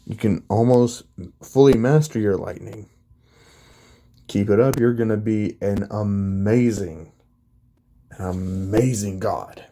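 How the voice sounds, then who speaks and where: A man's voice: lowish voice, slow, pauses often, mellow. A man voicing a boastful, teasing older father god in a spoken fan story. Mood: proud.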